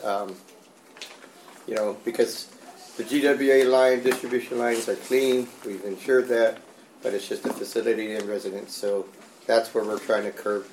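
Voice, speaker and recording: A man's voice: lowish voice, darkish tone. A man from a water division speaking up in a meeting, rambling and repeating his words. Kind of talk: meeting discussion. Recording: echoey room, faint noise.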